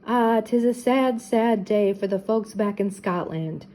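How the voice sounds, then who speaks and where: A woman's voice: mid-range voice, animated, measured pace, warm tone, a little hiss or hum, close to an everyday voice, rough recording. A woman voicing a proud museum woman from Scotland, with a lilting, wistful way of speaking. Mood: earnest. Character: red-haired Scottish museum woman, proud.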